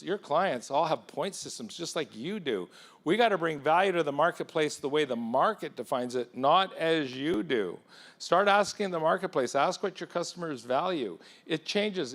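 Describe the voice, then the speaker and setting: A man in his fifties giving a punchy, animated motivational keynote at a business conference, telling stories and speaking straight to audience members. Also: fairly high pitch. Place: conference hall.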